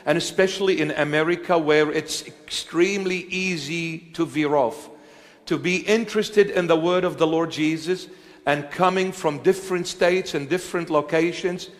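A man preaching and answering questions before a congregation, halting with many fillers and joking now and then. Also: on the high side. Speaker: church bishop preaching. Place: church hall with congregation. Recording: long reverb of a large hall.

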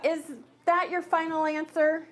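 A woman's voice: very high voice, level tone, unhurried, noisy background. A woman storyteller leading a children's storytime in a library, coaxing the group playfully with mock-puzzled restarts. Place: public library.

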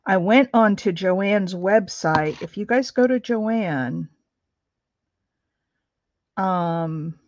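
A woman's voice: mid-range voice, very slow, pauses often, no room sound, lo-fi sound. A middle-aged woman hosting a craft livestream, chatting with viewers in a chatty, rambling way and laughing easily. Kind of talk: casual chat with live viewers while crafting. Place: home craft room.

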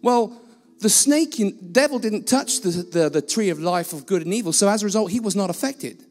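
Blunt high-voiced man preaching in a hall. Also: expressive, moderate pace. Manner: blunt, self-mocking preaching. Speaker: guest preacher. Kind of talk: sermon. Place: church hall.

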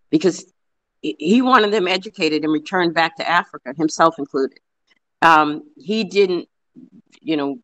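A man giving an earnest, fast-paced history talk, full of fillers and restarts. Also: a little high, bright, forceful tone. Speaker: guest speaker on local history. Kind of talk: informal history talk with questions.

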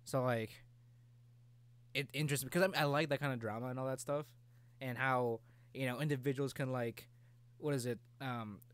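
A man's voice: medium pitch, fairly even intonation, normal speed, pauses often, a bit bright, clear, resonant tone. Dude cohosting a podcast, regular mid voice, teases his buddy, rambles with lots of likes and you knows. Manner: teasing, rambling, laughs often. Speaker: podcast co-host. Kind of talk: casual chat.

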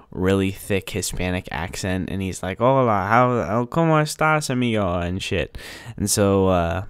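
Young man, podcast host, casual rambling talk, smooth clear voice, dry close sound. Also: low-pitched, no echo. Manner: rambling, with many fillers and restarts, enthusiastic.

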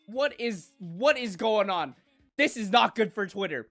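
A woman hosting an anime reaction, moving from soft cooing to loud excited squeals and swearing freely. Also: medium pitch, measured pace, faint music behind.

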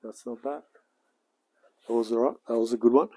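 An Australian hobby mechanic in his forties chats casually on a livestream while working in his home workshop, often talking to himself. His voice is medium-pitched and dark-toned, at normal speed.

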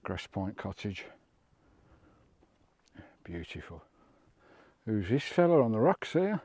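British male vlogger outdoors, warm low voice, a bit winded, gushing over scenery. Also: big pitch swings, takes it slowly, husky, dry recording. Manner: chatty, exclaims at scenery. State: out of breath. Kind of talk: walking travel vlog commentary. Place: outdoors on a coast.

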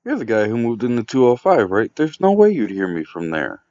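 Guy doing a cranky woman neighbor who got woken up, high and snippy, kinda muffled lo-fi sound. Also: huge pitch swings, brisk, a little mellow, no room sound. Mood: annoyed. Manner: snappish, confrontational.

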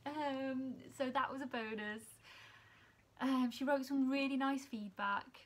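A young woman, a student nurse chatting casually to her vlog camera, emotional and quick to laugh. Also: high voice. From England. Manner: emotional, chatty, laughs often, near tears.

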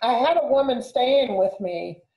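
A woman's voice: on the high side, lively intonation, unhurried, warm tone. A woman talking casually as a guest, affirming and telling a personal story. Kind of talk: casual conversation. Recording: echoey room.

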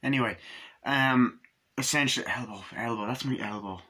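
A young man casually reviewing a film, excitable, jokey and swearing freely as he walks through the scenes. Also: mid-range voice, normal speed, slightly rough. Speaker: movie reviewer.

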